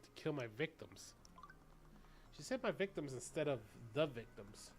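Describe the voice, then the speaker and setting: A male streamer reading game dialogue aloud in a brisk, pressing way. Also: fairly high pitch, very animated, soft background music.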